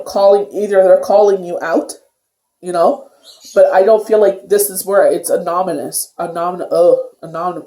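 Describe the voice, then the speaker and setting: A tarot reader talks through a casual daily card reading in a warm, mellow voice that keeps looping back with loose filler phrases. The sound carries a noticeable room echo around the voice. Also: medium pitch. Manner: rambling, filler-heavy talk with many "you know"s. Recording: echoey room.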